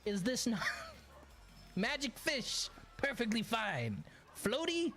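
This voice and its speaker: A male game streamer talking casually over his gameplay, swinging widely in pitch as he tells a story. His delivery is sarcastic and chuckling. Game music plays clearly behind him. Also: sing-song, slow pace, pushed and bright.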